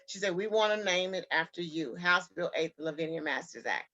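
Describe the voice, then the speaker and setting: A woman's voice: on the low side, fairly quick, few pauses, fairly bright tone, highs cut off. A woman guest telling a personal story in an interview, earnest and heartfelt.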